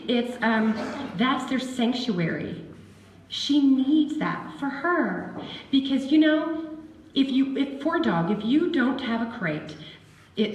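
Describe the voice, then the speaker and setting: A woman giving a lively, chatty seminar talk on dog behavior to a live audience. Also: on the high side, far from the mic. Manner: animated and chatty, acts out dog voices. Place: seminar hall. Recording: echoey room with faint ambience.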